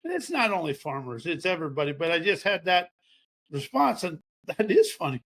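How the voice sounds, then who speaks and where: A man's voice: fairly high pitch, very animated, brisk, a bit bright. A man giving a rambling, folksy motivational talk about personal growth, sometimes acting out what others say. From American Midwest farming region. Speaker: self-help speaker.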